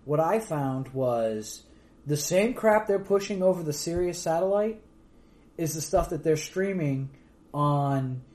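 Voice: mid-range voice, expressive, measured pace, a little mellow. A speaker in casual chat, bluntly airing complaints and opinions. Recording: roomy echo.

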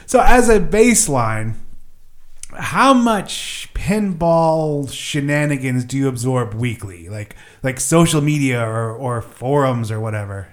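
A man's voice: mid-range voice, expressive, slow pace. A man hosting a casual podcast, rambling and self-mocking, laughing often. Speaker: podcast host. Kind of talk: casual chat.

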